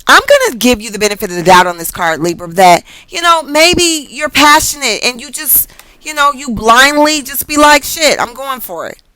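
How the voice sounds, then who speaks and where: A woman's voice: sits high, animated, moderate pace, bright, forceful tone, dry recording, rough recording. A woman reading tarot cards in a casual, rambling vlog, chatty and profane, laughing often and drifting off topic. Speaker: tarot card reader.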